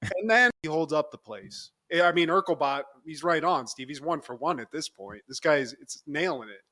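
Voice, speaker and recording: A man co-hosting a podcast recaps a sitcom episode in casual, animated chat. His voice sits high and sounds bright and forceful. He keeps acting out the characters' lines and laughing along. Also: moderate pace. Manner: animated storyteller, acts out lines, laughs often. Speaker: podcast co-host.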